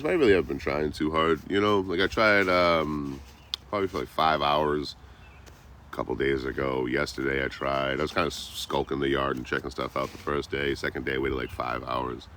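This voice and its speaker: A man's voice: very deep voice, normal speed, fairly bright tone, slight background noise. A man chatting loosely with viewers on a livestream, rambling and swearing freely. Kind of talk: casual live chat.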